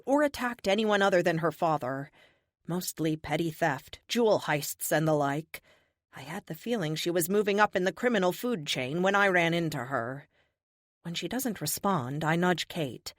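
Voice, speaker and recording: Woman narrator, first-person audiobook, expressive, lively melody, lowish voice. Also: dry recording, clean studio sound. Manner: expressive, animated.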